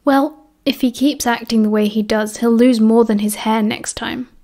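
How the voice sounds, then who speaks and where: A woman narrator puts on a timid teenage schoolboy with a British accent, fretful and whiny. His voice sits higher than the reader's own, anxious and quick to wail. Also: steady tone, mellow. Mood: nervous. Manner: wailing, anxious.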